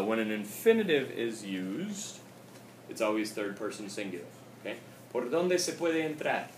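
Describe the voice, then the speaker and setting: Male teacher, casual classroom talk, keeps checking "okay?", far off in a roomy, noisy space. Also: on the low side. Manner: casual, repeats "okay?" often, switches between English and Spanish. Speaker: Spanish teacher. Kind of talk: classroom grammar lesson. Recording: echoey room recorded from afar, with noise.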